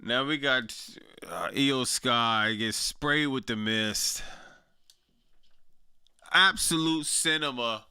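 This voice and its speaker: Slangy guy reacting to clips, bright smooth voice, takes his time. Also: medium pitch, takes it slowly, long pauses. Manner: slangy, laughs often, talks to chat. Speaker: streamer reacting to wrestling clips. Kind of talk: casual reaction commentary.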